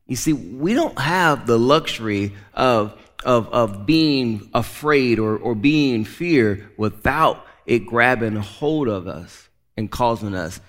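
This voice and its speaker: A man preaching a sermon with emphatic delivery, often doubling back on his words as he builds a point. His voice sits at an ordinary middle pitch. The sound trails off in the long reverb of a large hall. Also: lively intonation, takes it slowly, fairly bright tone. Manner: emphatic, repeats and restarts words. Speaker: pastor.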